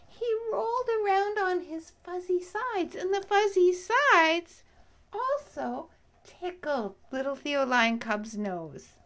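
A woman reading a children's story aloud slowly and expressively, often dropping to a soft whisper. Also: high voice.

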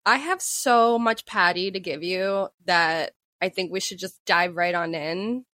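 A woman's voice: lowish voice, measured pace, pushed and bright, no room sound. A woman co-hosting a podcast, telling a story in casual chat and laughing often. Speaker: podcast co-host.

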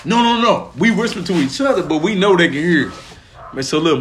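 A man from Pine Bluff, Arkansas, co-hosting a podcast and telling a long story in casual, profane slang. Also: fairly quick. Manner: animated, profane, slangy, often lowers voice then bursts up laughing. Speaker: podcast co-host.

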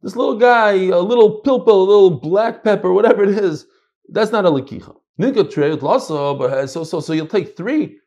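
A middle-aged man teaching a casual Talmud class, animated and swinging between loud and soft. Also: sits high, brisk.

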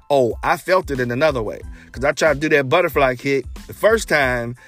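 A man hosting a podcast, telling a personal story in a casual, animated way and acting out the dialogue. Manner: animated, acts out quoted dialogue with big pitch jumps. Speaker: podcast host.

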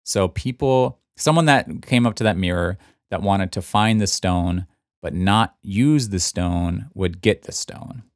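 Very deep-voiced man explaining on a podcast. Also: measured pace, no echo, studio quality. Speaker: podcast host, book fan. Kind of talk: casual podcast chat.

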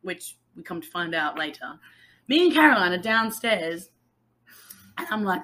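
A woman telling a story in casual chat, animated and laughing often. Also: on the low side, moderate pace, pauses often. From England.

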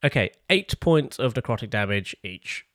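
A playful game master man reading out dice and damage, laughing between calls. His pitch rises and falls a great deal. The room sounds dry and close. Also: animated, normal speed, fairly bright tone, no echo. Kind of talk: running a tabletop game.

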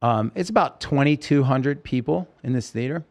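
A man of middle pitch recounting his early years as a guest on a podcast interview. He is an animated storyteller who acts out the lines of the people in his story. He speaks into a podcast microphone. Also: normal speed.

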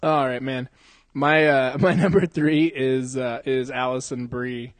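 A man's voice: medium pitch, fairly even intonation, a little slow, dry recording. A young man in his twenties chatting crudely on a podcast. He swears constantly, uses slang and breaks into laughter often. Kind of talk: crude casual banter.

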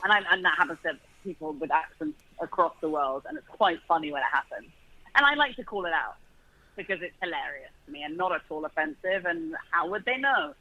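British man, guest, chatty and self-correcting, high and bright. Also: animated, brisk, no echo, low-quality recording. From Britain. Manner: chatty, many restarts, laughs easily. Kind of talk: casual interview chat.

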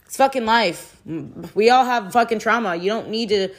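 A woman's voice: fairly high pitch, normal speed. A young woman venting frankly about a bad relationship, swearing often and rambling with restarts. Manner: frustrated and exasperated. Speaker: vlogger. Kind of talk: candid personal vent.

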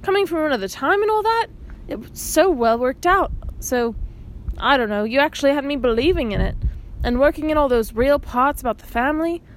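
A woman's voice: sits high, expressive, a little fast, slight background noise, pitched above the performer's own voice. Woman reading an earnest older brother. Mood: sincere. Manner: earnest, admiring. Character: sincere older teenage brother.

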